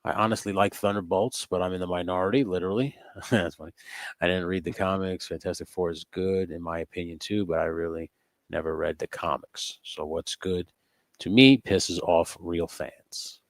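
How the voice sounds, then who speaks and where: A man hosting a casual livestream chat, swearing freely, laughing often and telling stories with excitement. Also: sits low, moderate pace, no echo, studio quality. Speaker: host.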